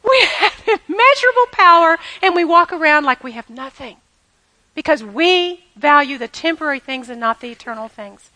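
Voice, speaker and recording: A woman's voice: high voice, lively intonation, moderate pace, bright, forceful tone. A woman preaching a sermon to a women's audience, emphatic and repetitive, calling on them to say lines back to her. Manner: emphatic, repeats key phrases, has the audience repeat after her; laughs now and then while preaching. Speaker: women's ministry speaker.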